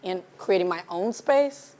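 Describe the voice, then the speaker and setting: A woman's voice: lowish voice, unhurried. A woman film director as interview guest, chatting casually on stage and acting out the dialogue in her stories. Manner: animated storyteller, acts out quoted dialogue. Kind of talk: casual onstage conversation. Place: live event before an audience.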